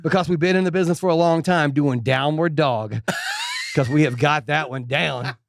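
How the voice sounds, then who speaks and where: A man's voice: fairly high pitch, normal speed, gravelly, noisy background. A man co-hosting a comedy podcast, laid-back and teasing, laughing often in casual chat.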